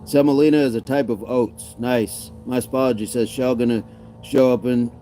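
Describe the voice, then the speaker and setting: A man's voice: mid-range voice, fairly even intonation, normal speed, dark tone, faint music behind. A man hosting a casual live stream, upbeat and laughing often as he reads out viewer comments. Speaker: fitness streamer.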